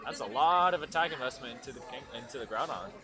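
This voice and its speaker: A man's voice: mid-range voice, animated, quick pace. A man giving casual live play-by-play commentary on a competitive video game match, with frequent fillers. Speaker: esports commentator. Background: music playing nearby.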